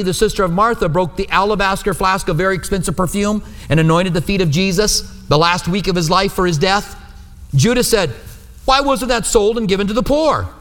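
In a church setting, a male pastor delivers a teaching sermon in a casual, talkative manner, repeatedly seeking the room's agreement. His voice is high and a little bright, and a long hall reverb surrounds it.

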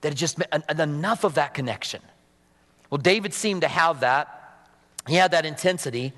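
A man preaching a sermon as pastor, animated and fervent, dropping to soft intimate moments. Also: fairly high pitch, normal speed, in a large hall.

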